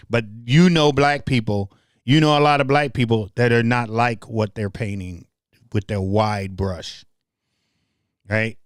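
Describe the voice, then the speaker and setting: Speaking slowly with long pauses, this Memphis host has a medium-pitched, steady voice captured in studio quality with no room sound. The middle-aged Southerner addresses his livestream audience head-on, passionate and prone to repeating words.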